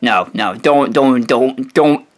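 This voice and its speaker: A man's voice: medium pitch, slow pace. A man delivering a profane, insulting rant as a video host, swearing constantly and stumbling over repeated restarts. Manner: aggressive, swearing, repetitive stammering restarts. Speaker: video host roasting another creator.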